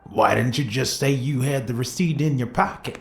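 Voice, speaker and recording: Low, calm, probing barber. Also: female voice, normal speed, creaky. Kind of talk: video game voice acting. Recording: echoey room.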